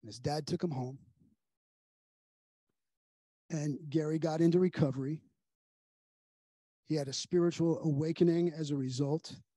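Male pastor, earnest sermon storyteller with a higher, husky voice that hushes for grave moments. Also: fairly even intonation, normal speed, no echo. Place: church sanctuary.

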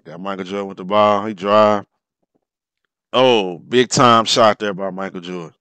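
A man with a low, smooth voice talks his way through an old basketball game replay. He reacts loudly to the plays, swinging between muttered asides and excited outbursts. The recording is dry and close. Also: unhurried, dry recording. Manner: animated, exclaims and laughs over plays. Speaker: sports commentator. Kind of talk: casual replay commentary.

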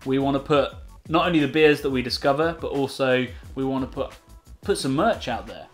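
A man in his thirties co-hosting a casual chat, talking quickly and enthusiastically. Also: medium pitch, faint music behind. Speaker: co-host of a beer channel.

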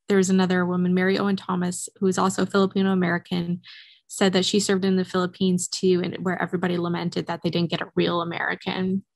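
Woman, facilitator, flat creaky voice, low-ish, dry sound. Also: no echo. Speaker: question facilitator. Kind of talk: panel Q&A facilitation.

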